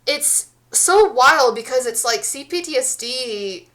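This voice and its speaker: Woman, 30s, streamer, casual chat, rambling, lots of fillers, slightly high voice, bright tone. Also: lively intonation, takes it slowly. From United States. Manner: rambling, many restarts and fillers.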